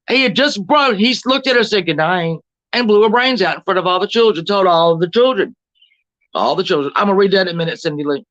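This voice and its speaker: A woman's voice: medium pitch, fairly bright tone. A woman hosting a livestream, ranting bluntly with lots of swearing and greeting viewers in the chat. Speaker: livestream host. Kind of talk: casual livestream commentary. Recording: dull lo-fi stream audio.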